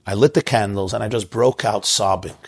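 A man's voice: lowish voice, a little fast, a little mellow, slightly rough. A man, a rabbi from Crown Heights, telling an emotional story in a sermon and mixing in Yiddish and Hebrew words. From Crown Heights, Brooklyn.

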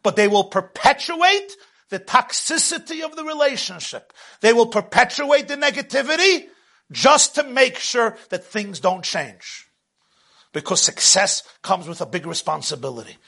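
Male religious teacher preaching; high, bright voice; lively delivery that swings between hushed and loud. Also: normal speed, vocal fry. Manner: animated, swings from hushed to loud, laughs at own jokes. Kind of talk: sermon.

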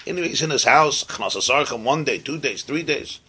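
Bright-voiced man telling a sermon story. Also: mid-range voice, brisk, slightly rough. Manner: animated storyteller, sprinkles Hebrew and Yiddish terms. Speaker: rabbi teaching.

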